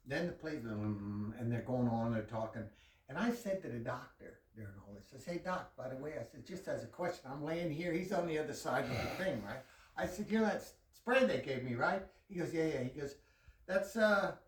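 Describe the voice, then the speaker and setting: A man telling a profane, animated story full of quoted dialogue in a casual chat with a friend. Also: on the high side, normal speed, reverberant, distant mic, low-quality recording. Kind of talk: casual anecdote told to a friend.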